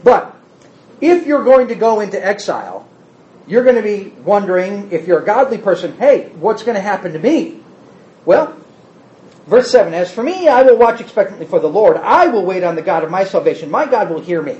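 A man's voice: high voice, big pitch swings, brisk, darkish tone. A man teaching a Bible study class, asking the group rhetorical questions. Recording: roomy, slightly dull recording.

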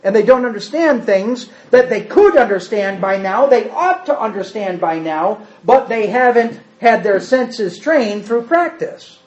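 A high-voiced man preaching a sermon, acting out quoted speech with sudden jumps up and drops to a hush. The recording is dull and lo-fi, with the top end muffled. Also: a little slow, few pauses. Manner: animated, acts out quotes with big swings in pitch and loudness.

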